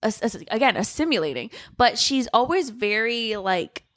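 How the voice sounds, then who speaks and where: A woman's voice: on the high side, very animated, moderate pace, a bit bright, no room sound. A young woman co-hosting a book podcast, chatting casually and acting out characters' lines with lots of swearing. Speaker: podcast co-host.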